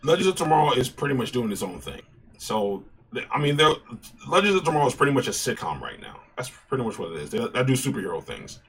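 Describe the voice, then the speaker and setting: A man's voice: medium pitch, fast talker, slightly rough. A man hosting his own video channel, talking casually and passionately about superhero films, often restarting and repeating himself. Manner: passionate, animated, with frequent restarts and repeated phrases. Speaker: YouTube commentary host. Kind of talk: casual opinion commentary.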